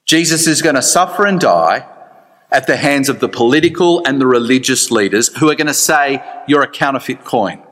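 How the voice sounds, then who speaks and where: A man preaching a sermon in church, chatty and animated with dry asides. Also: mid-range voice, fairly quick, in a large hall. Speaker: pastor.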